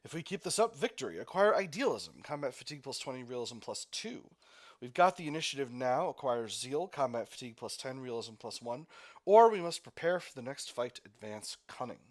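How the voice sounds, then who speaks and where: A man's voice: medium pitch, very animated, fairly quick. A man giving casual gameplay commentary, thinking aloud, laughing easily and stumbling over his words. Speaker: let's play host.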